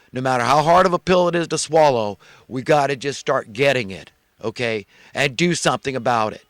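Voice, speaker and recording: A man from the United States delivering an angry political rant straight to his listeners, now and then raising his voice to shout. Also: a little high, dry recording. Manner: angry, ranting, shouts at times. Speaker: political commentator.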